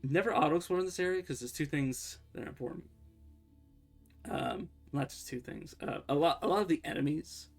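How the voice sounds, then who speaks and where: A man streaming a game, talking through his play in a loose, rambling way and often correcting himself mid-sentence. His voice has a gravelly, creaky edge, with faint music and keyboard typing behind him. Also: on the high side, normal speed. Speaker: livestreamer playing a game. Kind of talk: casual gameplay commentary.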